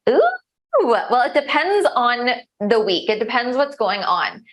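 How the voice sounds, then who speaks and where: A woman's voice: a little high, expressive, measured pace, a bit bright. A young woman coach answering interview questions in a chatty, upbeat way, full of restarts and filler words. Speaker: coach and show host.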